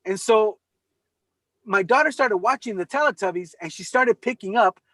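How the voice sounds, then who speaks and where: A man chatting casually over a video call, telling animated stories and swearing freely. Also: high voice, moderate pace, no room sound. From California. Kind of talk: casual chat.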